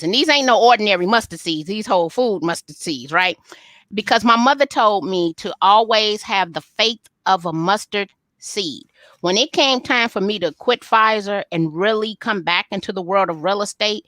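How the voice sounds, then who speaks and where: A middle-aged woman, an interview guest, telling family stories candidly and acting out the dialogue with lively, folksy humor. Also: medium pitch, no echo. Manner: animated, folksy storyteller who acts out family dialogue. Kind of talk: candid storytelling in a live interview.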